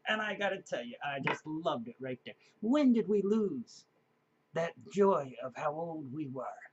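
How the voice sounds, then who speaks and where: A man's voice: on the high side, animated, measured pace, darkish tone, husky, muffled recording. A man in his fifties telling a personal story in a casual, rambling way, with many fillers and chuckles. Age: 50s. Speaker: vlogger.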